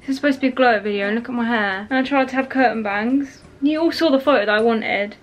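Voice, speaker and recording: A woman's voice: fairly high pitch, fast talker, lo-fi sound. A young woman, chatting frankly to camera in a casual vlog. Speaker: beauty vlogger.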